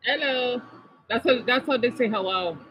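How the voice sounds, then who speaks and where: A man's voice: very high-pitched, big pitch swings, moderate pace. A man chatting casually as a vlogger, reacting to videos with rambling, apologetic, playful asides. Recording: slightly dull, faint background noise.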